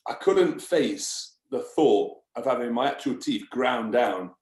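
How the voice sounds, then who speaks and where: A man's voice: mid-range voice, expressive, slow pace, a little mellow. A man, a guest on a podcast, talking casually, swearing and laughing often. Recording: roomy echo.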